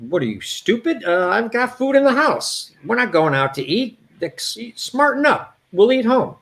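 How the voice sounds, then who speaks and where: A man's voice: extremely high pitch, big pitch swings, normal speed, fairly bright tone, pitched above the performer's own voice, heavily acted. A man voicing his blunt, bossy brother, who scolds people in a scornful way.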